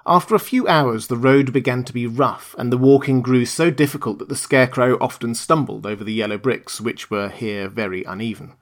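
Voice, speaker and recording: A man narrating a classic children's tale in a calm, measured reading. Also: medium pitch. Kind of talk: storybook narration.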